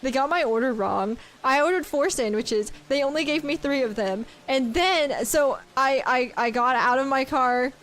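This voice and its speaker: A woman's voice: high-pitched, normal speed, few pauses, fairly bright tone. A woman streaming a game, chatting casually and giggling as she reads chat aloud.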